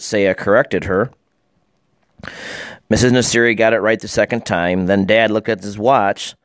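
A man reading a children's book aloud in a calm, gentle storytelling manner. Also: fairly low pitch, normal speed, no echo, clean studio sound.

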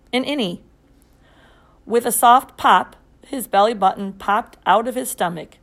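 A woman reading a children's story aloud in the first person, expressive and steady. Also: mid-range voice. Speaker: audiobook narrator.

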